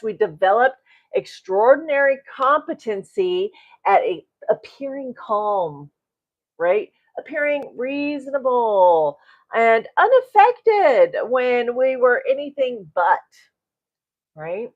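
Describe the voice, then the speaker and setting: Slow-talking middle-aged woman coach. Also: a little high, lively intonation, dull audio. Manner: tags sentences with "right?", chuckles often. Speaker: self-development coach. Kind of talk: live-streamed coaching talk, reading viewer comments.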